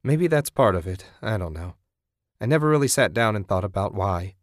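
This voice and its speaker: A man reading a story, voicing a quiet, hesitant woman unsure of her own reasons. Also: fairly low pitch, lively intonation, moderate pace, dry recording, clean studio sound, natural voice. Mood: uncertain. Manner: hesitant, soft-spoken. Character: quiet, uncertain grieving woman.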